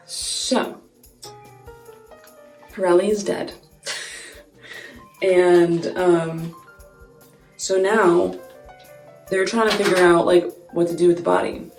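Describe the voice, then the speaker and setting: Slow, chatty young woman in an echoey room. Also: medium pitch, a little mellow. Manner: chatty, many "like" fillers, giggling. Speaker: vlogger. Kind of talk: casual makeup storytime. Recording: echoey room, far mic, faint music.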